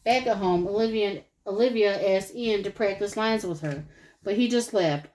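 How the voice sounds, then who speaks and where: A woman narrating a children's storybook aloud. Her voice sits at an average pitch, and her reading is expressive and animated. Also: moderate pace, low-quality recording. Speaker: storybook reader.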